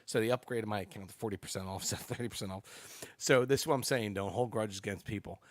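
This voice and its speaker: Low-voiced excitable man swearing freely. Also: quick pace, dry recording. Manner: excitable, rambling storyteller who swears freely. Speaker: podcast guest. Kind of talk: casual chat.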